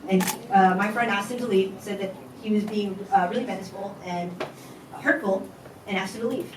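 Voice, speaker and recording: Captured from a distance in an echoey tech-company event hall with faint noise, this conference speaker shares a personal story on stage. She speaks fairly quickly in a steady, medium-pitched voice, keeping it candid and conversational with casual fillers.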